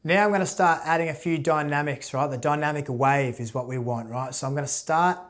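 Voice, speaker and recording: A man teaching guitar in a casual video lesson, relaxed and chatty, checking in with "right?" after almost every point. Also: fairly high pitch, fairly quick. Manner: relaxed, repeats "right?" often.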